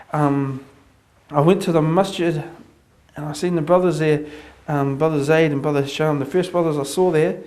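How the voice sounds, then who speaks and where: A man with a New Zealand accent giving an earnest personal testimony, repeating phrases as he builds up excitement. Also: fairly high pitch. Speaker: convert sharing his testimony.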